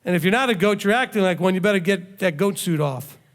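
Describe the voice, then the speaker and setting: A man's voice: high voice, fast talker. A man who leads a congregation, preaching a conversational sermon full of rhetorical questions and emphatic repetition. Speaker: rabbi, congregation leader. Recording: long hall reverb.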